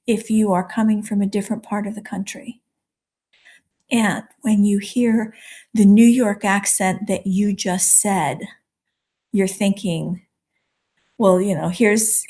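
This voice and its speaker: A woman communication coach speaking in a measured, affirming way. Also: mid-range voice, mellow, breathy edge. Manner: measured, affirming, gives frequent backchannels. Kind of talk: conversational interview.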